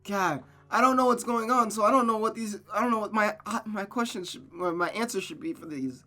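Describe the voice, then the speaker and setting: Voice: mid-range voice, a little fast, sharp tone. A visual novel reader who narrates the story and breaks off into chatty, self-correcting asides, with faint guitar music behind. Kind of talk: reading a game aloud with running commentary.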